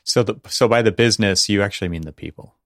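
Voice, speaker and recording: Host, man, very low voice, dry recording, chips in with brief encouraging remarks. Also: fast, fairly bright tone, no echo. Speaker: podcast host. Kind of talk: conversational interview.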